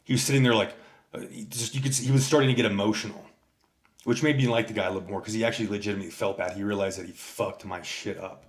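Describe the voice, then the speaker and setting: A man's voice: lowish voice, fairly even intonation, very fast. A man livestreaming a casual rant, telling stories in a rambling, heavily profane way and answering his chat. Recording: echoey room.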